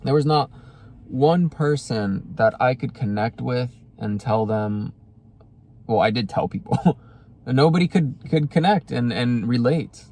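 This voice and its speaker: A man's voice: medium pitch, expressive, a little slow, a little mellow. A young man vlogging about spiritual self-help, telling a personal story casually, rambling with many fillers and acting out quoted dialogue.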